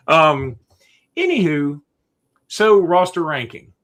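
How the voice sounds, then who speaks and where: A man co-hosting a sports podcast, chatting in a folksy, animated way and reading an ad. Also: a little high, normal speed. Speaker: podcast co-host. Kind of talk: casual sports podcast chat with ad read.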